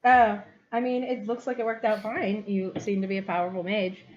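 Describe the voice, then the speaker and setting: A woman's voice: medium pitch, level tone, moderate pace, a crowd in the background. Casual woman running a tabletop game. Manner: casual, laughing often, swears. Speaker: game master. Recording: dull lo-fi sound.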